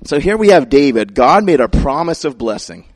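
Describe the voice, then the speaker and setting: A male pastor preaching a sermon in a conversational, storytelling manner. His voice sits a bit higher than most men's. He drops in playful asides. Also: big pitch swings, normal speed, dry recording, studio quality.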